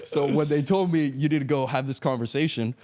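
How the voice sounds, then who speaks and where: Animated man telling a story with laughter. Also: on the high side, brisk. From Miami. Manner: animated storyteller acting out quotes, laughs often. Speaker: podcast guest. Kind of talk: casual storytelling interview.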